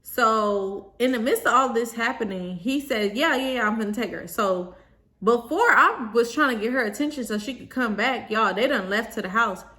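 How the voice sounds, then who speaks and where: Bright, animated young woman vlogger. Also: a little high, normal speed. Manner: animated, slangy, addresses viewers as y'all. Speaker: vlogger telling a story. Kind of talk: storytime vlog.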